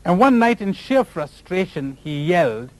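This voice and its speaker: A man's voice: high voice, sing-song, moderate pace, low-quality recording. A man from India, giving a spiritual lecture full of stories and laughing at his own jokes. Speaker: spiritual teacher.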